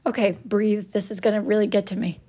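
A woman's voice: medium pitch, flat delivery, fairly quick, heavy background noise. A woman chatting with viewers on a live stream in a playful, theatrical way, often mock-scolding them. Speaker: livestream host. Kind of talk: casual live-stream chat.

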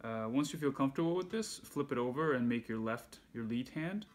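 Relaxed man teaching, handpan in background. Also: mid-range voice, brisk, soft background music. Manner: relaxed, counts beats aloud while playing. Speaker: music teacher. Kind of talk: casual instructional lesson. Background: handpan playing.

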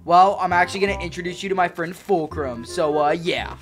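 A gaming video host giving excitable let's-play commentary, chatty and full of slang. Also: mid-range voice, brisk, faint music behind.

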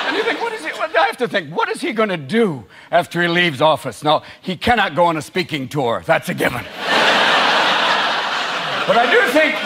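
A man in his fifties performing stand-up comedy in a manic, shouting style, jumping into quick impressions. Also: high-pitched. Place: theater with live audience. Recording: live show with loud audience and noise.

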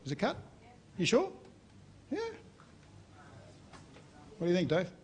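A man's voice: high voice, huge pitch swings, measured pace. A man performing a comedy magic act, teasing and joking with the audience and laughing at his own gags. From Australia. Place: corporate event venue. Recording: live show with loud crowd and noise. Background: loud audience laughter and chatter.

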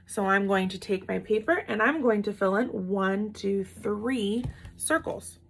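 Slow, patient woman teacher with a gravelly voice. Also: mid-range voice, a little hiss or hum. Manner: slow, patient, encouraging, claps out words syllable by syllable. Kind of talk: classroom lesson for young children.

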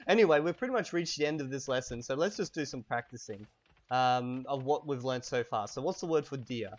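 A man giving a casual language lesson while playing a video game, saying example phrases slowly and making quick offhand asides. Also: medium pitch, animated, dull audio. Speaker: language teacher and gamer. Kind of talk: casual lesson over gameplay.

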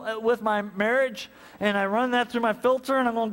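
A man's voice: extremely high pitch, fairly quick, long reverb tail, faint music behind. A male pastor preaching a sermon, telling stories and acting out both sides of conversations. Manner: animated storytelling, acts out conversations. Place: church sanctuary.

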